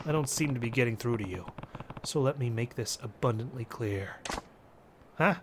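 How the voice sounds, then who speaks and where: A man's voice: mid-range voice, moderate pace, noisy background, natural voice. Man reading a stoic young ex-yakuza fighter. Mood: stern. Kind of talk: amateur quote reading of game dialogue.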